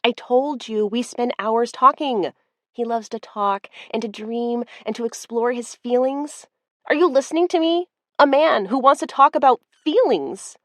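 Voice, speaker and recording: A blunt, proud young woman caught off guard, her voice pitched high and loud as she rushes out exclaiming questions, as a woman narrator puts her on. She stays agitated, in a dry close recording of an audiobook. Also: no room sound, lightly acted. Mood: flustered. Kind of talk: audiobook character voice.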